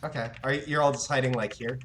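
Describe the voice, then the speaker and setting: A man's voice: mid-range voice, steady tone, quick pace, a bit bright. A man running a tabletop game as game master, chatting casually and narrating, with frequent hesitations.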